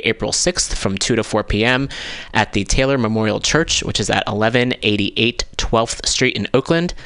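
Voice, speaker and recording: A man hosting a community radio show, reading event announcements in a relaxed, chatty way and correcting himself as he goes. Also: mid-range voice, smooth, dry recording. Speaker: radio host. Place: radio studio. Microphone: studio microphone.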